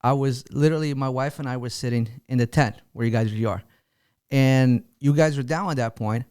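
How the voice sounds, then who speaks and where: A man's voice: mid-range voice, a little mellow, clean tone. A man hosting a podcast who asks questions eagerly, with frequent restarts and laughs. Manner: eager and fast, with false starts and laughs. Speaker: podcast host. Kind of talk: casual interview chat.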